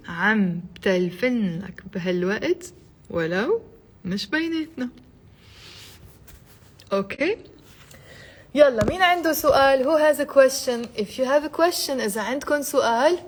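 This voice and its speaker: A woman with a Lebanese accent teaching Arabic expressions in a live online lesson, chatty and animated, repeating phrases slowly for her learners. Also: mid-range voice. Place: indoors, streaming live to social media.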